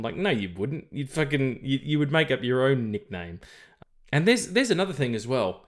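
A man's voice: mid-range voice, big pitch swings, normal speed. Rambling, swearing podcast man. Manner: rambling, swears freely, many fillers and restarts. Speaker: podcast co-host. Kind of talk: casual film chat.

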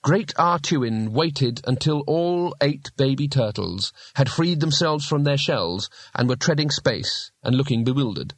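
A man narrating a fantasy audiobook in a measured, steady way. His pitch sits in the middle range, and the recording is dry and close with no room echo. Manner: measured, storytelling. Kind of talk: scripted narration.

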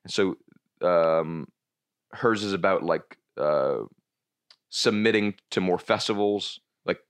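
A young man, a stand-up comedian, chatting casually on a podcast, rambling and halting with many restarts and curses. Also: sits low, clear, resonant tone.

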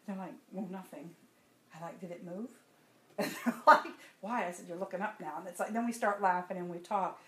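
A woman's voice: lowish voice, fast. A woman, telling a personal testimony to a congregation in a conversational, storytelling way. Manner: conversational storytelling, animated when laughing. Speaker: church speaker giving testimony. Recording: echoey room with faint ambience.

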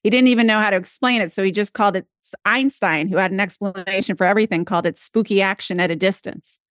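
A woman's voice: medium pitch, fast, no room sound. A woman with a mid-range voice talks in an eager podcast conversation. She explains her points earnestly and keeps them moving. The recording is dry and close.

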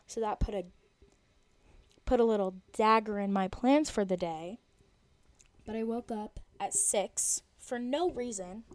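A woman's voice: medium pitch, darkish tone. A woman of twenty hosting her own podcast, chatting in a rambling, jokey way. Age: 20s. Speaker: podcast host. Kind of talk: casual solo podcast chat.

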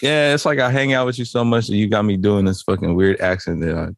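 Podcast co-host, male, low and gravelly, relaxed and profane, dry mic. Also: fast talker, no room sound. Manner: laid-back, profane, laughs often. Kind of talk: casual podcast banter.

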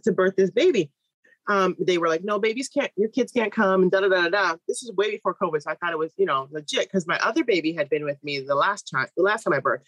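A woman in her thirties tells a long personal story in an interview, slipping into other people's voices as she goes. Her voice is slightly husky, and the sound is close and dry with no room around it. She speaks as a midwife. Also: on the low side, no echo, low-quality recording. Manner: lively, animated storytelling with quoted voices.

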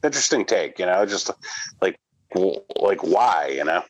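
Man, podcast co-host, low lively voice, dry close mic, teasing casual banter. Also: moderate pace, dry recording, dull audio. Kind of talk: casual chat.

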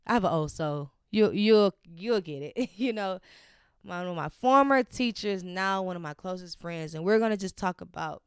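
Smooth-voiced young woman podcast host. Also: on the low side, expressive, moderate pace, no room sound, clean studio sound. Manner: heartfelt, chatty, many fillers and restarts. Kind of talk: casual solo podcast chat.

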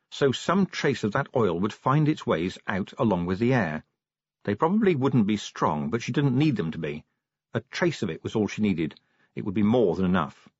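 Husky, lively male audiobook narrator. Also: lowish voice, no echo, muffled recording. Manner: wry, lively storytelling. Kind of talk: scripted narration of a novel.

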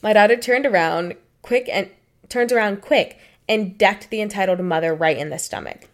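Young woman, podcast co-host, reads stories aloud, blunt, swears casually, mid-pitched voice. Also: normal speed.

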